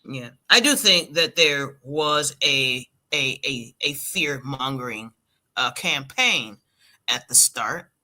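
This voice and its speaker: Bright-voiced woman lecturing calmly. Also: extremely low pitch. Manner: measured and lecturing, with many restarts. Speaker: podcast co-host. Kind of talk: casual chat.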